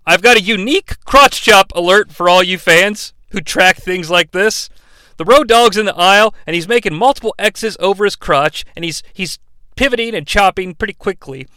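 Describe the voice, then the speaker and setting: A man's voice: sits high, normal speed, bright, forceful tone, clean tone, no room sound. A man hosting a comedic wrestling recap podcast, sarcastic and profane. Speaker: podcast host.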